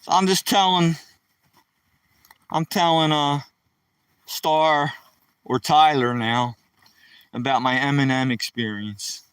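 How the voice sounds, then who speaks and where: A man's voice: on the high side, steady tone, takes it slowly, pauses often, a bit bright, clean tone, no room sound, distant mic, low-quality recording. A man telling a rambling story to live-stream viewers while walking outdoors in the woods, talking to viewers by name.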